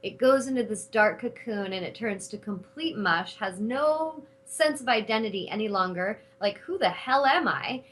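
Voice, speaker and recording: A middle-aged woman hosting a spiritual talk show, speaking in an animated, casual way and cursing freely when she retells her anger. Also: medium pitch, moderate pace, few pauses, poor audio. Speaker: host.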